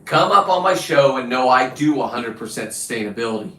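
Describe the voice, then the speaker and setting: Swearing, bragging, and picking fights, this show host delivers a profane monologue in a roomy room, distant from the microphone. He speaks briskly at medium pitch with lively intonation and a slightly bright tone.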